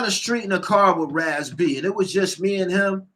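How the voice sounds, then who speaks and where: A man ranting loudly and profanely, reading out comments and answering them heatedly, repeating his lines for emphasis. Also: high-pitched, normal speed, hardly any pauses. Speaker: show host.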